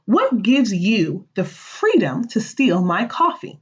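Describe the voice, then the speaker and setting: A woman's voice: mid-range voice, sing-song, takes it slowly, husky, exaggerated voice. A woman reading the lines of a defensive, greedy colonial merchant in a school play, in a slightly muffled recording.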